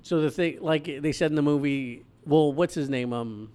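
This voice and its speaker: A man's voice: on the high side, moderate pace, mellow, clean tone. A man, a father, chatting casually on a movie podcast, recapping the plot with many ums and restarts. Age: adult father. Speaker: podcast co-host.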